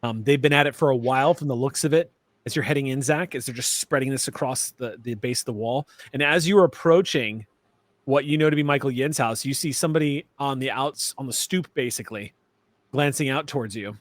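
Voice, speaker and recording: A man narrating a tabletop game as game master, relaxed and chatty with many fillers. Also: medium pitch, a little fast, no echo.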